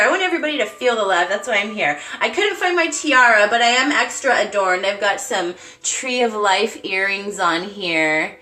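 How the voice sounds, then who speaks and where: A woman's voice: medium pitch, bright, forceful tone, reverberant, poor audio. A woman hosting a casual live stream at home, bubbly and chatty, greeting viewers by name and cooing at her cat.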